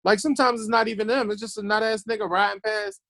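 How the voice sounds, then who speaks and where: A man's voice: high-pitched, fairly even intonation, fast talker, a bit bright, dry recording. A man from Baltimore, a podcast guest telling blunt, profane stories in casual chat and acting out the quotes.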